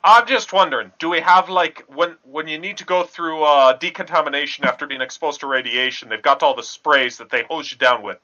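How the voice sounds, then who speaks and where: Bright-voiced male player, muffled. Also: on the high side, a little fast, few pauses. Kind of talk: casual tabletop play.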